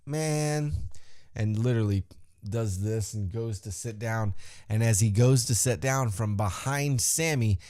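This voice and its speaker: A man hosting a podcast, giving a profane, animated play-by-play recap and acting out other people's lines. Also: on the low side, no room sound, clean studio sound. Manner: profane, animated storytelling, acts out quotes. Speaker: podcast host.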